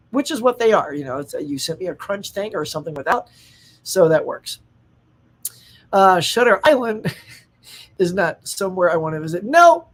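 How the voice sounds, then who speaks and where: A man's voice: sits high, a bit bright. A middle-aged man from the United States hosting a casual live stream, chatting and reading out viewer comments with enthusiasm and frequent laughs. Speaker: host.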